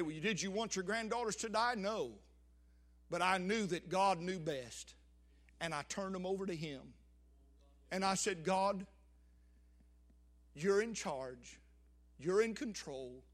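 A man's voice: high voice, unhurried, long pauses. An older man preaching a sermon, with emphatic swells and sudden drops.

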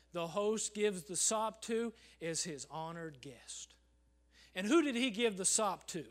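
A man preaching a sermon in a church service, swinging from loud calls to hushed near-whispers and calling "Amen?" to the congregation. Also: high voice. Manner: acts out congregants in quoted voices, asks the crowd "Amen?".

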